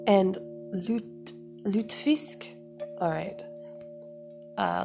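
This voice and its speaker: A woman hosting a podcast, reading notes aloud with casual asides, halting with many ums and self-corrections. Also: on the low side, creaky. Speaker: podcast host.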